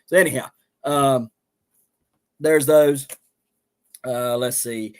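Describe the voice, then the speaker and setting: A man with a steady, mid-range voice that's clear and resonant speaks slowly with a Southern accent while hosting a homestead livestream. He rambles casually and folksily, filling gaps with many ums and uhs.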